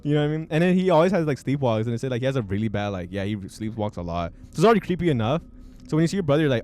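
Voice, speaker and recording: A man's voice: mid-range voice, very animated, racing, darkish tone, a little hiss or hum. A young man hosts a casual podcast in an everyday mid-range voice. He tells stories loosely, with plenty of filler words and frequent laughs along the way. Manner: rambling, filler-heavy storytelling with frequent laughs. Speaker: podcast host. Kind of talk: casual chat.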